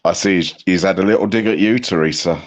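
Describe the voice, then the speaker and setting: A man's voice: deep voice, quick pace. A man with an English accent, a guest in a casual online panel chat, talking dryly and laughing often. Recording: muffled lo-fi mic.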